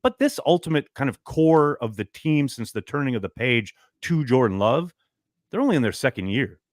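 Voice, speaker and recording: A man talking as a guest analyst on a sports radio show, emphatic and quick with his points. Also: mid-range voice, expressive, no echo, studio quality. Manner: emphatic, rapid analytical talk. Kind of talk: casual sports radio chat.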